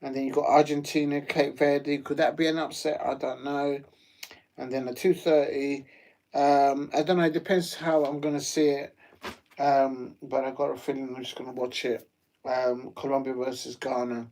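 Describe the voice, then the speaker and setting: Brief: male streamer, chatty watch-along commentary, loose and rambling, average pitch. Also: flat delivery, normal speed, a little mellow. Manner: chatty, rambling, many ums and uhs. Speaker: live stream host. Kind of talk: casual live football watch-along commentary.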